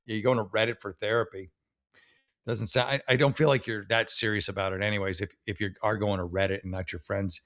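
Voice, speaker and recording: A man's voice: lowish voice, a bit bright. A man hosting a show, giving blunt, sarcastic advice in rambling casual commentary on posts he reads out. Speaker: host giving mock advice.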